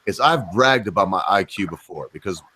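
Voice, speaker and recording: A man's voice: low voice, lively intonation, fairly quick, pushed and bright, a little hiss or hum. A man hosting a casual livestream chat, joking and boastful with a rambling delivery. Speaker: host.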